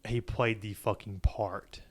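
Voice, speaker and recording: A man's voice: lowish voice, steady tone, slow pace. A man co-hosting a casual podcast, laid-back, chiming in with short reactions and jokes. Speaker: podcast co-host. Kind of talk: casual chat.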